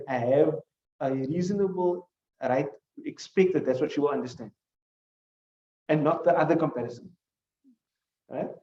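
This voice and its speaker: A man's voice: on the high side, dark tone, echoey room, far from the mic, highs cut off. A male teacher gives a classroom lecture, explaining with examples and putting questions to his students.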